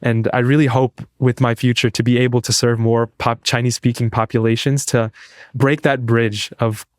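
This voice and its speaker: A man's voice: medium pitch, flat delivery, normal speed, a little mellow, no echo. Young guy guest on a podcast, earnest and eager, dry close sound. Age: young adult. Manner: earnest, eager, restarts phrases. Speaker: guest, pre-med student. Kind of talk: casual interview storytelling.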